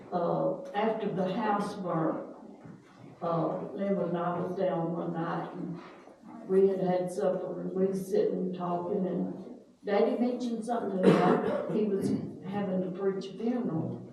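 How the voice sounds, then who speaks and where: An older woman in casual family storytelling, slow and folksy, pausing to search for names. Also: lowish voice, fairly even intonation, warm tone. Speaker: family elder telling stories. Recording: echoey room, distant mic, faint hiss.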